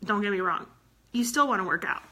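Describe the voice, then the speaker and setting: Bright-voiced woman coach, close to tears. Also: mid-range voice, animated, fairly quick. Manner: earnest, tearful, repeats phrases. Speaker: fitness coach. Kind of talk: emotional motivational talk to her team.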